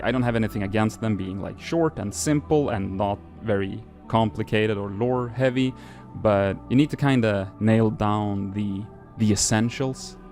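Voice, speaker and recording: A man's voice: on the low side, a little mellow. A man hosting a show, reading archive entries aloud and breaking off into casual, self-deprecating asides full of fillers.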